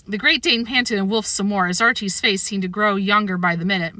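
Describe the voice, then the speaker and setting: A woman reading a children's book aloud with expressive, animated storytelling, close to the mic. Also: mid-range voice, a little fast, dry recording. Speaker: narrator.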